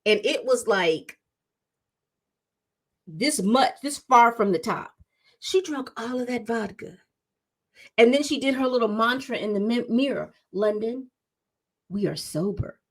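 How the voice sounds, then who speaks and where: A woman's voice: fairly high pitch, unhurried, pauses often. A woman casually recapping a TV episode, acting out the characters' lines as she tells it. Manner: animated storytelling, acts out quotes. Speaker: TV recap vlogger.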